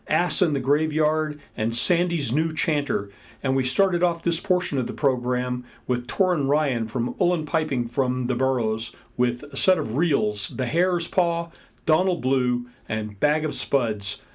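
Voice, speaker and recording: A man hosting a radio music program, steadily announcing the tracks. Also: mid-range voice. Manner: steady, measured back-announcing. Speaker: radio host.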